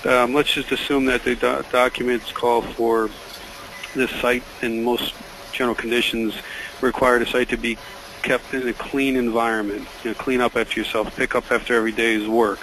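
A man's voice: medium pitch, level tone, moderate pace, a bit bright, slight background noise, low-quality recording. A man speaking up as a panelist in a webinar, emphatic and restarting words often. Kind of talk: spoken comment in a webinar.

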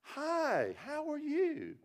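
Guy doing a sugary sweet lady reverend, high and slow, kinda gravelly underneath. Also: huge pitch swings, exaggerated voice. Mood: sweetly polite. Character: overly sweet-spoken woman minister.

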